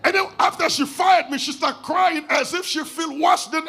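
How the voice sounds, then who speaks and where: A middle-aged man with a Haitian accent preaching a storytelling sermon. He switches between languages and raises his voice to shout for emphasis. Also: very high-pitched, moderate pace, gravelly, few pauses, soft background music. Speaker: pastor.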